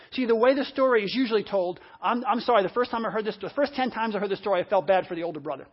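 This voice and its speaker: A man preaching a sermon, animated, acting out the lines of the story's characters. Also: sits high, quick pace, husky. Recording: dull lo-fi audio.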